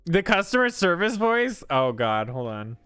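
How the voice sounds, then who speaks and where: A man's voice: sits high, sing-song, unhurried, fairly bright tone, clean tone, no room sound, soft background music. A man streaming a life-sim game, rambling and thinking aloud with lots of fillers, his voice a little worn from talking long. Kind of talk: casual gameplay commentary.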